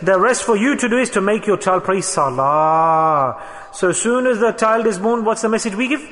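Man, preacher, sermon, emphatic, repetitive, high-pitched, reverberant hall. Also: lively intonation, moderate pace, fairly bright tone. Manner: emphatic, repeats phrases, mixes Arabic and Urdu terms.

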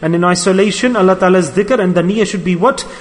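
A man's voice: high-pitched, quick pace. A man preaching a sermon with emotive storytelling, repeating his key words. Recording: long hall reverb.

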